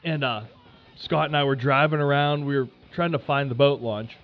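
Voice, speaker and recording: A podcast host spinning a casual story, animated and swearing freely with lots of fillers. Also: male voice, medium pitch, moderate pace, muffled recording.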